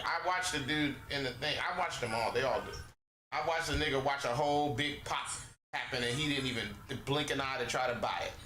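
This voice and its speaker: A man's voice: medium pitch, sharp tone. A man gaming on stream and ranting casually, rambling and swearing with heavy slang. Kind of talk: casual rant while gaming. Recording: echoey room with noise.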